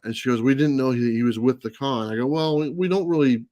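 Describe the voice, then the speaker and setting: A man's voice: mid-range voice, fast, mellow, no echo, highs cut off. Guy on a comics livestream rambling thru a story, lots of uh and you know, dry close sound. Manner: rambling anecdote with many fillers and restarts. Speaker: comics channel host. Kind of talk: casual livestream chat. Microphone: live stream mic.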